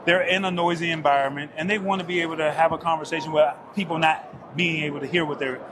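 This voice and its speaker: A man's voice: on the high side, steady tone, fast talker, background noise. A man hosting a tech show, enthusiastically interviewing an exhibitor on a busy trade show floor. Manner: enthusiastic, hyped-up. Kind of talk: casual on-the-floor product interview. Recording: loud crowd chatter behind.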